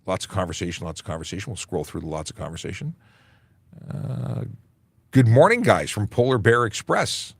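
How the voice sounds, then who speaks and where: Brisk and lively in intonation, this man's fairly low voice sounds gravelly and husky, recorded without echo. He's a Canadian police constable running a chatty, jokey livestream Q&A, reading the chat aloud with plenty of fillers.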